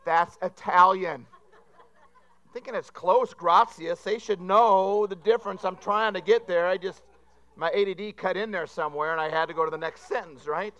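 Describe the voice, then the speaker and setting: Male pastor, sermon delivery, self-deprecating humor, high and bright. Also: fairly even intonation, moderate pace. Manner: rambling, self-deprecating joke-telling.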